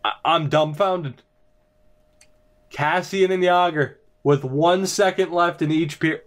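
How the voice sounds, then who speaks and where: A young man commentating his own hockey video game, mostly deadpan and low-key, with sudden bursts of disbelief. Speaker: gaming commentator. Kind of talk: casual let's-play commentary. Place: home room early in the morning.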